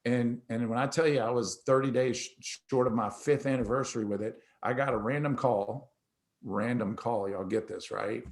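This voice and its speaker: A man's voice: medium pitch, normal speed. A middle-aged man hosting a talk, telling a personal story in a casual, conversational way and acting out the dialogue. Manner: animated storyteller who acts out dialogue. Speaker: host.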